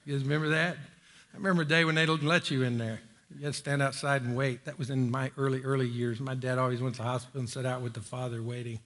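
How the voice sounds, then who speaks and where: A middle-aged man preaching a sermon in a church, folksy and joking, climbing higher when he presses a point. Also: little pitch movement, fast, fairly bright tone. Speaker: pastor. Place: church sanctuary.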